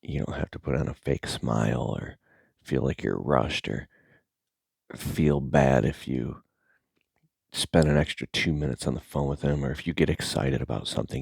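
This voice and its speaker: A middle-aged man talking casually to camera as a content creator, rambling and animated, sometimes dropping to a near-whisper. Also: rumbling low, vocal fry, breathy edge, dry recording, clean studio sound.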